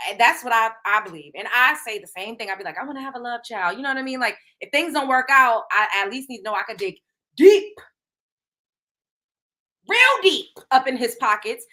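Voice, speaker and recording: Woman gossip host, bright and high-voiced, talking casual and slangy with an animated delivery. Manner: slangy, animated, laughing asides. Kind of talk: casual celebrity gossip commentary.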